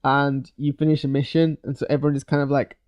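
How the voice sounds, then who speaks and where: A man giving a loose, hesitant live reaction to a TV episode, full of fillers and restarts, with sudden bursts of excitement. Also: mid-range voice, fast, clear, resonant tone. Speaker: video reviewer. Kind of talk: live post-watch reaction.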